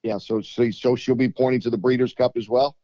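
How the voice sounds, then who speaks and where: A man's voice: mid-range voice, fairly even intonation, a little fast, warm tone, no echo. A man hosting a casual interview, asking chatty questions and sometimes stammering as he starts. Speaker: show host. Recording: dull lo-fi audio.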